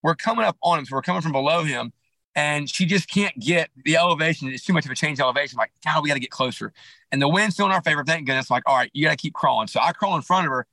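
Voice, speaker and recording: A man with a bright, forceful voice on a podcast mic tells a long story, rambling and restarting as he goes. His delivery is animated and lively, and his speech sits a little high for a man. The sound is dry and close. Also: very fast, no echo, poor audio. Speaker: podcast guest, clothing company founder. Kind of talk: casual storytelling interview.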